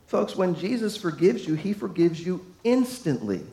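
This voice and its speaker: A man preaching a sermon to a congregation, folksy and emphatic, swinging from loud to hushed. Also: high-pitched, very animated, moderate pace. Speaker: pastor. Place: church sanctuary. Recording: echoey room.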